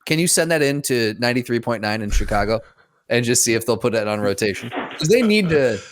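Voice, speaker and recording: A man's voice: medium pitch, lively intonation, a little fast. A man co-hosting a podcast, joking and reacting in casual chat. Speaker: podcast co-host.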